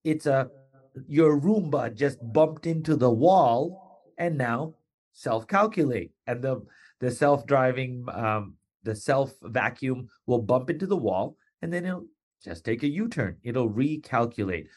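A man hosting a motivational podcast, animated and playful, acting out quoted voices with sudden jumps in pitch. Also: unhurried. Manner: animated, playful, with wrestling and pop-culture asides. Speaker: podcast host.

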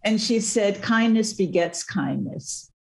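An older woman guest, an author, telling travel stories in a relaxed, animated way, often laughing mid-sentence. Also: medium pitch, takes it slowly. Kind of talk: casual interview conversation.

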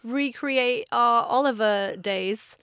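A woman's voice: a little high, slow, fairly bright tone, smooth, dry recording. Wry British woman co-host. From Britain. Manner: wry, dry humour. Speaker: podcast co-host. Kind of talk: casual podcast chat.

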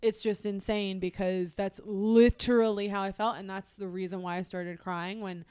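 Her voice is medium in pitch, fairly flat, a little mellow, and clean, delivered at a moderate pace. The young woman is a podcast co-host telling a personal story in casual chat, rambling and restarting with frequent use of "like."

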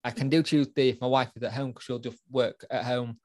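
A man co-hosts a relaxed podcast conversation at a middle pitch. He rambles through stories and pokes fun at himself in a loose, chatty way. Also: a little fast. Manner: rambling, self-mocking storyteller. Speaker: podcast co-host and parent. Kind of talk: casual chat.

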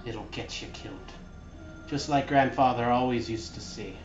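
A man's voice: medium pitch, moderate pace, distant mic, soft background music, lightly acted. A man voicing a cruel, scheming pirate queen in a tabletop game, with a cold, menacing delivery. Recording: dull, noisy, echoey room.

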